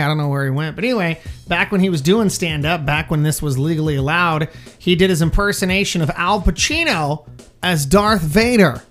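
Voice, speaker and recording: A man's voice: high voice, a bit bright. A man co-hosting a comedy podcast in casual, jokey banter. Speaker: podcast co-host.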